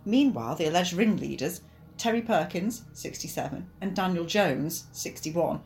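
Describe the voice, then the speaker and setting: A woman's voice: fairly low pitch, animated, darkish tone, slight background noise. Female co-host, chatty and teasing, reading true-crime facts. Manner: chatty, quick to tease. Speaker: podcast co-host. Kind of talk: casual true-crime chat.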